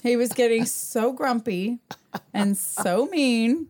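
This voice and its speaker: A woman chatting casually on a podcast, telling lively stories and acting out the lines of the people in them, swearing freely. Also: fairly high pitch, slow. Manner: animated storyteller, acts out quotes. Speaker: podcast guest. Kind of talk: casual chat. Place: podcast studio.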